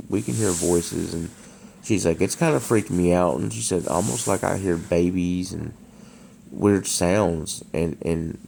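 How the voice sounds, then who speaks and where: Low gravelly man telling a story. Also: mellow, slight background noise. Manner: hesitant, many restarts and fillers. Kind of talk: casual spoken storytime. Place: dark room at home.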